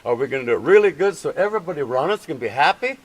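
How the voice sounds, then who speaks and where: The recording is poor, but the man's slightly high voice comes through very animated and rapid-fire. He is a First Nations chief at an outdoor protest camp, pleading passionately with police in a heated face-to-face argument and repeating himself again and again.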